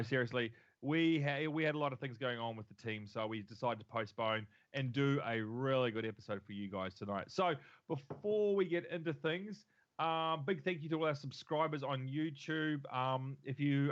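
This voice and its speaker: A man's voice: mid-range voice, brisk, fairly bright tone, highs cut off. A man from the United States hosting a casual tech podcast, upbeat and joking with his co-host. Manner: upbeat, joking, friendly banter.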